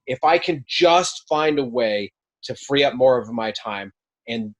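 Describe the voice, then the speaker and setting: A man's voice: mid-range voice, animated, a little slow, lo-fi sound. A young man as a podcast guest, chatting casually and candidly, often restarting his sentences as he tells stories. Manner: candid, storytelling, frequent restarts. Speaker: podcast guest, mobile home park investor. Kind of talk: casual interview chat.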